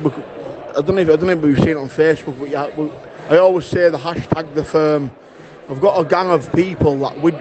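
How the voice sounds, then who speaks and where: A man's voice: a little high, lo-fi sound. A young man leaving rambling, casual voice messages, swearing often and calling the listener pet names. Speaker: voice note sender.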